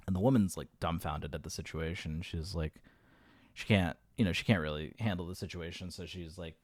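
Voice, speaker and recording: Deep-voiced male joke teller, rambling and self-amused, dry close recording. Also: fairly quick, dry recording. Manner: self-amused, laughs at his own jokes. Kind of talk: rambling comedic storytelling.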